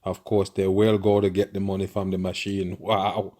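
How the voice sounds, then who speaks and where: Man, ranting reaction commentator, very deep, flat delivery, profane, conspiratorial. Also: moderate pace. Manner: profane, conspiratorial, constant murmured agreement. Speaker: video commentator.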